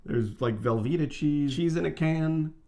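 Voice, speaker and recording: A man in his thirties co-hosting a casual vlog chat, talking in a brisk, emphatic and opinionated way. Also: on the high side, warm tone. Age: 30s. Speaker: vlog co-host.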